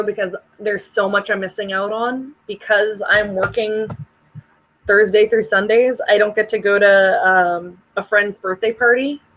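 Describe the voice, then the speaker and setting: A woman's voice: mid-range voice, a bit bright, rough recording. A young woman co-hosting a podcast, rambling in casual chat with many fillers. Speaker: podcast co-host.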